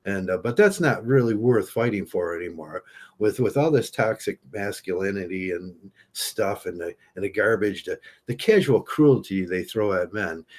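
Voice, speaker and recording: A man with a husky, low voice rambles through an opinion monologue. He halts often, trips over his words and starts sentences again before finding his point. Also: expressive. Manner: halting, many restarts and fillers. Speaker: vlogger.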